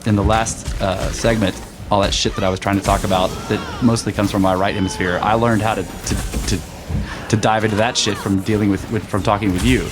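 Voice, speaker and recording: A man co-hosting a podcast in casual chat, rambling and swearing as he thinks out loud, laughing often. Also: fairly low pitch, fairly even intonation, brisk, over music. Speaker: podcast co-host.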